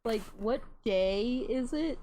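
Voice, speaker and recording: Woman player, slow and high, faint room hiss behind. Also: mellow.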